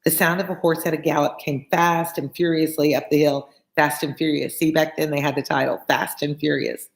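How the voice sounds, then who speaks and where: A woman's voice: low voice, little pitch movement, fairly quick, creaky. Chatty woman reading a novel aloud. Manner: chatty asides, explains old words plainly. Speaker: read-along tutor. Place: home room with a fan on. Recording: echoey room.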